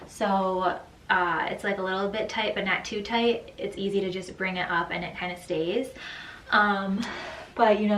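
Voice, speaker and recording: With a mid-range, somewhat bright voice, a young woman and new mother casually discusses the outfits she is trying on, using many "like" and "um" fillers. The recording has a roomy echo, a distant mic, and faint room noise.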